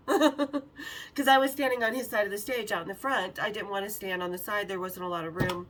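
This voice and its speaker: A woman's voice: medium pitch, steady tone, moderate pace, fairly bright tone, recorded from a distance. A woman hosting her own show, telling stories in a frank, profane way and laughing often. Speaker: podcast host. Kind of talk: candid storytelling.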